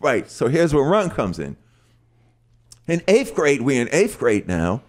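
A middle-aged man telling a story on a podcast, animated, acting out lyrics and voices as he goes. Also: medium pitch, measured pace. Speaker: guest storyteller.

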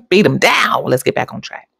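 A woman's voice: low-pitched, gravelly, fairly bright tone, breathy edge. A woman hosting a spiritual self-help channel, giving an emphatic, preachy motivational talk and speaking straight to her viewers. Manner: laughs easily between points.

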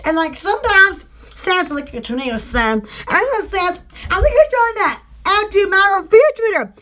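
A woman's voice: very high voice, very animated, moderate pace, bright, forceful tone. A woman hosting a casual home shopping live stream, rambling and laughing often as she chats and mimics household appliance noises.

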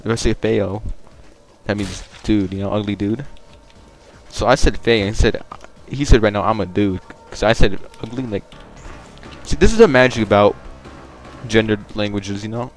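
A young man giving casual, profane, joking commentary while playing a game online, rambling and bursting into loud excitement. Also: on the low side, moderate pace, soft background music. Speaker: gaming video creator.

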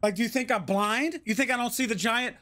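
High-voiced, foul-mouthed man gaming. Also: a little fast. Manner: profane, trash-talking the boss; often shouting in frustration. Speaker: gamer playing a video game. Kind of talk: live gameplay commentary. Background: loud video game music.

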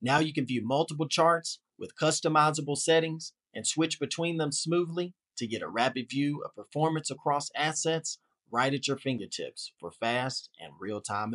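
A man narrating a scripted software tutorial in an upbeat, polished promotional manner. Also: medium pitch, expressive, moderate pace.

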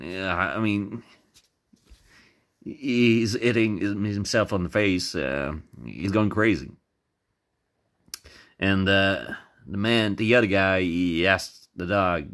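A man telling a funny tale in a slow, rambling way, cursing freely and stumbling over repeated words. His low, bright voice swings up and down with feeling. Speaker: storyteller. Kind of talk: casual comic storytelling.

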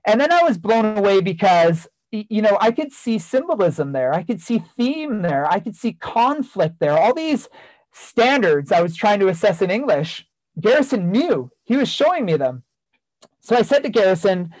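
This high-pitched, slightly mellow man, a keynote speaker and ex-teacher, earnestly shares a classroom story, repeating key phrases to drive points home. There's no echo, but the recording is rough.

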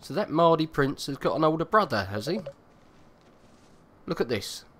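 A man's voice: a little high, sing-song, moderate pace, a little hiss or hum. A man casually commenting on a game he is playing, joking dryly with filler words. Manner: wry, joking asides with fillers. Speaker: let's play host. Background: game music.

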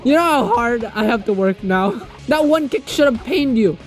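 A young man giving let's play commentary on a mobile fighting game, crude and joking, with loud excitable outbursts. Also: very high voice, normal speed, soft background music. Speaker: gaming YouTuber.

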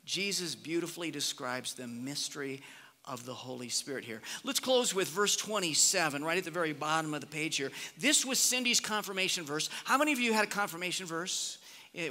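A pastor from Nebraska preaching a conversational sermon, swinging between lively emphasis and hushed, almost whispered reflection. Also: male voice, fairly high pitch. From Nebraska, USA. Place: church sanctuary. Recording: long reverb of a church hall.

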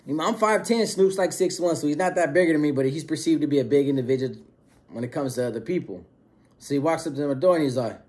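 A man's voice: on the high side, fast talker. Slangy man telling a prison story. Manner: street slang, animated retelling with quoted dialogue. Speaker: storyteller recounting prison experience. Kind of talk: casual storytelling.

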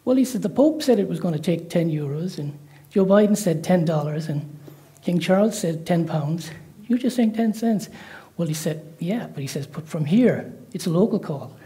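A man with an Irish accent preaches a sermon that opens with prayer and a joke, warm-hearted and full of amens and praise interjections. His voice is a little high and animated, at normal speed.

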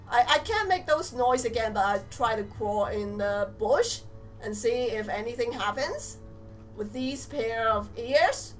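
A young woman giving animated let's play commentary, exclaiming and teasing the game characters as she plays. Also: on the high side. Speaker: gamer.

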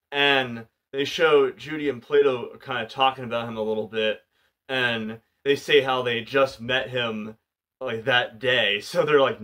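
A man's voice: mid-range voice, sharp tone. A man casually retelling a film's plot, full of "like" and "you know" fillers. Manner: loose and chatty, many "like" and "you know" fillers. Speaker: movie reviewer.

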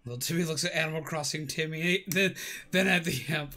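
Playful high-pitched male gamer. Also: normal speed, bright, forceful tone, a little hiss or hum. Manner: playful, talks to enemies, sing-song noises. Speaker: gaming streamer. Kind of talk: casual gameplay commentary. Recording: game music behind the voice.

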